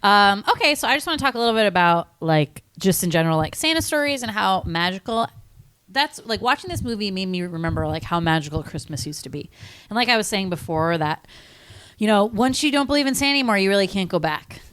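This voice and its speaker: Bubbly woman with a lively voice. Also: medium pitch, clear, resonant tone, no room sound. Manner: bubbly, laughs often, quick reactions. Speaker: podcast co-host. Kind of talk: casual chat.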